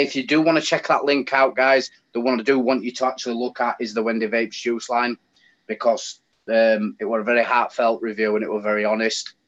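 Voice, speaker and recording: Man chatting on a call. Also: medium pitch. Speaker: guest on a live stream. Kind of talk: casual chat on a call. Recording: slightly dull lo-fi call audio.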